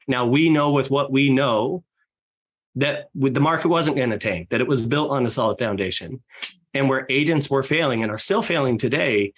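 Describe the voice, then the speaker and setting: A man guest on a podcast, talking fast and with energy about leading a sales team, often acting out how clients talk. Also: mid-range voice. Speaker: real estate team leader guest.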